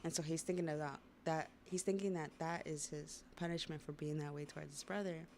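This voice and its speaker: Young woman streamer reacting to a comic, low gravelly voice, lots of bruh and y'all. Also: fairly quick, slight background noise. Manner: slangy and excitable, says bruh and y'all. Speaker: livestreamer reading and reacting to a comic. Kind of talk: casual reaction chat.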